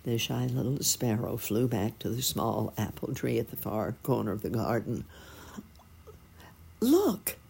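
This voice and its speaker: A woman reading a children's story aloud in a gentle, expressive storytelling manner. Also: rumbling low, normal speed, gravelly, few pauses, slight background noise.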